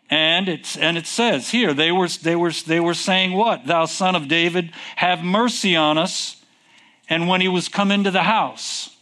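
Male pastor, high voice, slow, deliberate sermon delivery with rhetorical questions. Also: sharp tone.

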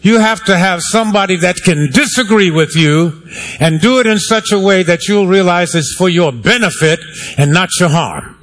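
Male pastor mid-sermon in a church, slightly high voice, wry and chatty with the pews. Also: normal speed, fairly bright tone. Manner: preaching to a congregation, conversational and wry, calling for amens. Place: church sanctuary.

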